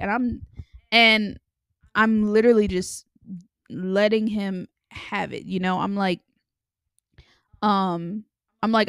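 Chatty young woman with a gravelly edge. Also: medium pitch, fairly even intonation, slow pace, pauses often, a bit bright, no echo, clean studio sound. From Los Angeles area. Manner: chatty and candid, with many filler likes and ums. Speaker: podcast host. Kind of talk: casual storytelling monologue.

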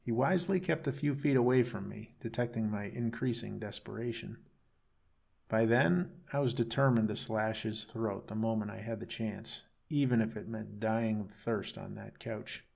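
Brief: male storyteller, low and gravelly, slow somber bedtime reading. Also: a little mellow.

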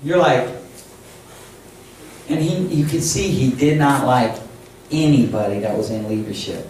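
A man's voice: mid-range voice, unhurried. Older man preaching in echoey hall. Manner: animated, laughing, acts out quoted lines. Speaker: camp chapel speaker. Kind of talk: storytelling sermon. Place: camp chapel. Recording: echoey hall, distant mic, noisy.

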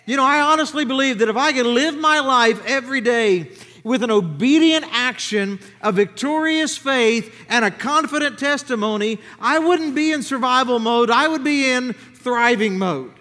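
Man preaching, bright high voice, chatty questions to the room, long church reverb. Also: normal speed. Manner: conversational, asks the congregation questions. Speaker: pastor. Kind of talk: sermon. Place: church sanctuary.

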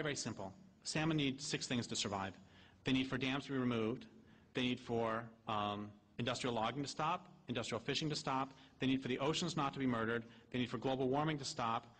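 A man giving a public talk as an activist speaker, wry and impassioned, drifting into anecdotes between sharp points. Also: mid-range voice, long reverb tail, slight background noise. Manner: wry, impassioned, digressive storytelling.

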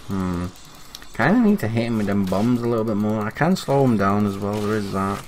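Low-voiced guy narrating gameplay. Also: brisk, slight background noise. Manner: chatty, self-critical, excitable. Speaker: gaming commentator. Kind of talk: casual gameplay commentary.

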